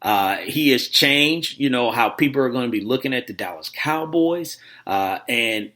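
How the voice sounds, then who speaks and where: A man hosting a sports talk show, rambling and animated, with lots of fillers and restarts. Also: mid-range voice, moderate pace. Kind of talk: casual sports radio talk.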